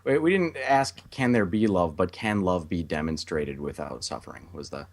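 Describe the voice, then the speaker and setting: A man's voice: low-pitched, lively intonation, normal speed. A man co-hosting a casual debate conversation, arguing carefully and hesitantly. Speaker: co-host.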